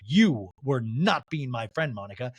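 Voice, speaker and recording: A man voicing a brash, pushy woman who keeps demanding attention, in a shrill, insistent tone. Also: big pitch swings, moderate pace, husky, dry recording. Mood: accusing. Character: brash pushy woman begging for screen time.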